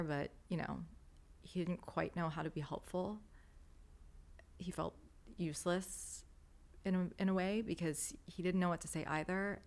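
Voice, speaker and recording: Low gravelly woman, guest on a podcast, candid story full of "like". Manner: candid, emotional, many fillers like "like" and "you know".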